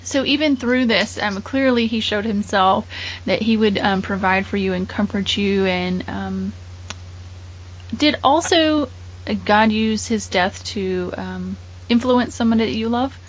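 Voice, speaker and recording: A woman's voice: mid-range voice, a little slow, dull audio, slight background noise. A woman interviewer asking heartfelt questions and reacting with emotion. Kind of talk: interview, faith talk.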